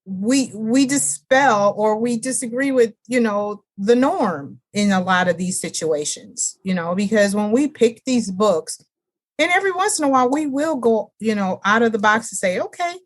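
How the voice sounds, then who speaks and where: A woman's voice: on the high side, animated. A woman co-hosting a casual book-chat podcast, chatty and emphatic in her opinions. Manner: emphatic, drawn-out complaints, chatty. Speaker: podcast co-host.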